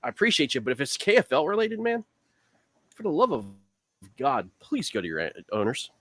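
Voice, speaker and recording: A man hosting a casual talk stream, animated and saying "man" a lot. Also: on the high side, a little fast, no echo. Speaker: host, league organizer. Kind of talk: casual chat.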